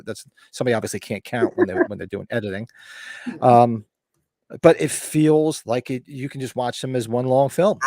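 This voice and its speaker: A man in his fifties hosting a podcast, talking in a relaxed, rambling way and often restarting his sentences. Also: medium pitch, no echo, clean studio sound. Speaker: podcast host. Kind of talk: casual chat.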